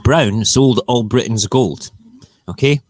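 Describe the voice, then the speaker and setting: A man's voice: mid-range voice, slow pace, dry recording. A Scottish man hosting a live morning talk stream, ranting bluntly and swearing freely. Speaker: live show host.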